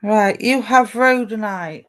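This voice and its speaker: A woman working as a psychic medium on a live stream, talking gently and reassuringly to viewers and calling them endearments. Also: medium pitch, takes it slowly. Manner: gentle, reassuring, calls listeners "my darling".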